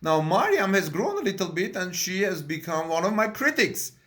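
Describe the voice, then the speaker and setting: A middle-aged man hosting a car news vlog, talking casually to camera and gently drawing out a guest with questions. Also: sits high, sing-song, moderate pace. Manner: gentle, encouraging, asks his daughter questions. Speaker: host of a car news channel.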